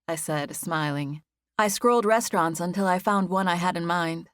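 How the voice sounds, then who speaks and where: A woman narrating a contemporary first-person novel as an audiobook, with a gentle storytelling manner. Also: on the low side, moderate pace, no room sound, studio quality.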